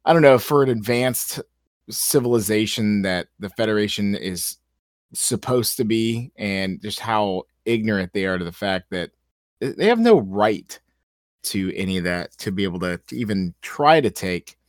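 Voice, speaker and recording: A man co-hosting a casual podcast, rambling and growing animated as he talks. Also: on the low side, normal speed, dry recording, studio quality. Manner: rambling, animated when indignant. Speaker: podcast co-host.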